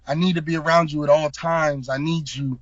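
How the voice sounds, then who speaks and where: A man's voice: a little high, fairly even intonation, brisk, no echo, highs cut off, close to an everyday voice. A man quoting a frantic, attention-hungry young guy. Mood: clingy. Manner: pleading, then shouting demands.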